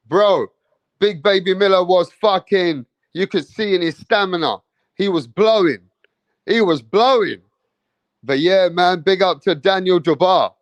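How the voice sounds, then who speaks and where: A man's voice: high voice, dry recording, dull audio. A man from England hosting a live boxing stream, hyped and profane, repeating his points. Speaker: boxing channel host.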